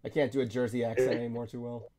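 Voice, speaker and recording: A man in his twenties hosting a casual online talk show, teasing his co-hosts in an animated, swearing way. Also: mid-range voice, rapid-fire, a loud crowd. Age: 20s. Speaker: podcast host. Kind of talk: casual chat.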